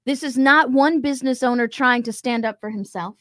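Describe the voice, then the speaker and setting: A woman's voice: high voice, a little fast, fairly bright tone, no echo. A woman hosting a commentary show, talking emphatically and acting out quotes as she reacts to a video. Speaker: show host.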